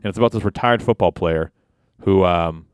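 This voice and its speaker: A man's voice: deep voice, moderate pace, clean tone, no room sound, studio quality. A man co-hosting a podcast in casual chat, swearing and laughing often. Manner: animated, swearing, laughing, doing loud impressions. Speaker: podcast co-host.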